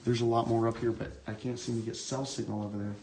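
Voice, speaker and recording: A man exploring an abandoned medical building and talking live to viewers on his phone, musing in a hushed, awed way as he reads book titles aloud. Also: medium pitch, little pitch movement, fast talker, background noise. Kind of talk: rambling live-stream chat.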